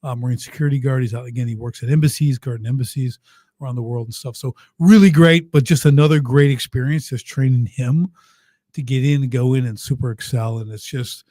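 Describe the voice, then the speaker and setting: An American business coach, appearing as a podcast guest, tells stories casually in an interview, lively and emphatic and sometimes getting choked up. His mellow, mid-range voice moves fairly quickly and is captured in clean studio quality with no echo.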